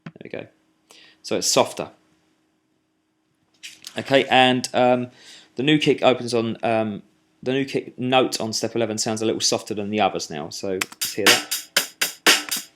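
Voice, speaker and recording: A man giving a screen-recorded music software tutorial, talking while he clicks, with fillers and restarts. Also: on the low side, a little slow, pauses often, slight background noise.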